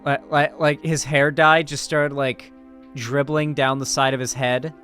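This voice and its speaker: A man's voice: medium pitch, little pitch movement, a little slow, a bit bright, faint music behind. A man reading news articles aloud and breaking off into sarcastic, profane asides as a commentary host. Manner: sarcastic, swears freely, trails off mid-sentence. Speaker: political commentary YouTuber.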